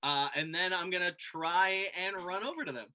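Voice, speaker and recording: A man playing a tabletop game, rambling in a goofy, excitable way. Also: high voice, normal speed. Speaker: player. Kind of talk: casual tabletop play.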